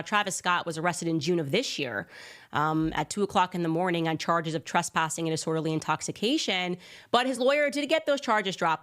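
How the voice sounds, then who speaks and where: A woman's voice: on the low side, fairly bright tone. A woman hosting a sarcastic, mock-incredulous commentary monologue. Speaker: commentator host.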